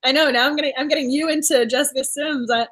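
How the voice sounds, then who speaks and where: Woman, young adult, book club host, very high voice, rapid effusive gushing talk, frequent laughter. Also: fairly even intonation, a bit bright. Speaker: booktuber host. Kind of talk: casual book club chat.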